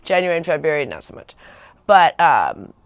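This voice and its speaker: A woman's voice: deep voice, very animated, moderate pace, no echo. A woman in her forties chatting casually on a livestream, rambling with many fillers and restarts. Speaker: vlogger on a livestream.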